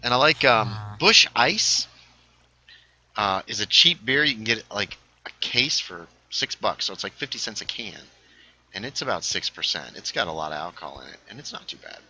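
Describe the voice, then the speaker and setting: A young man streams a game and chats casually, a little tipsy and rambling with plenty of fillers. His voice is very bright and sharp, and his pitch swings up and down a lot. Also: expressive, a little fast, husky, highs cut off. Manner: rambling, chatty, with many fillers. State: slightly tipsy. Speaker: livestreamer. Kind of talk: casual gaming stream chat.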